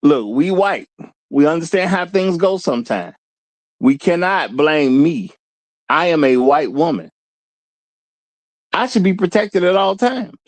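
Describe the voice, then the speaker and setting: A man's voice: fairly high pitch, animated, unhurried, pauses often, no room sound. A man voicing an entitled woman who demands police protection, in a mocking, indignant manner.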